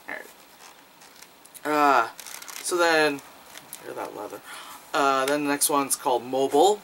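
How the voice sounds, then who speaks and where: A man's voice: mid-range voice, measured pace, long pauses, a bit bright, a little hiss or hum, low-quality recording. A man casually reviewing a film, rambling with lots of fillers and profanity, acting out quoted lines. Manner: loose, profane, many fillers; acts out quoted lines in jumpy voices.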